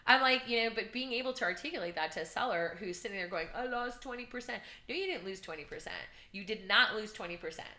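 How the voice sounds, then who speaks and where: A woman, a real estate coach and podcast guest, chatting energetically and telling animated stories. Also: medium pitch, fast talker, few pauses. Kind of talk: casual podcast chat. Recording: roomy echo.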